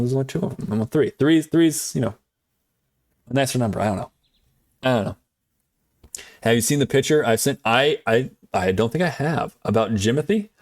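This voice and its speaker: A man streaming, chatting casually in a rambling way with lots of fillers and quick chuckles. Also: medium pitch, a little mellow, dry recording. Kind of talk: casual chat.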